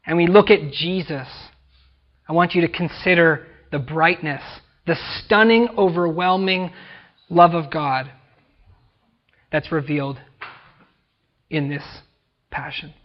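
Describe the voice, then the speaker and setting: A pastor with a high voice preaches a slow sermon full of long pauses, pressing hard on key words and dropping to a near-whisper at the ends of phrases. The recording is muffled and lo-fi, as if captured in a church.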